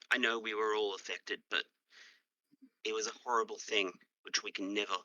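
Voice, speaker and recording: A man playing a young elf who stumbles through his words with solemn shame. His voice is bright and forceful, and the sound is dry and close. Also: medium pitch, dry recording, lo-fi sound. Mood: ashamed. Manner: halting, repeats himself, solemn. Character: young male elf, ashamed and earnest.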